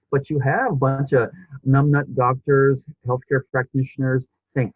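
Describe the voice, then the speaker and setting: Husky guy hosting a chat show, dry close sound, tinny call audio, talks in loops. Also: medium pitch, level tone, moderate pace, dry recording. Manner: rambling, many restarts and fillers. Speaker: podcast host. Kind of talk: casual interview chat. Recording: husky voice over a tinny phone-like line.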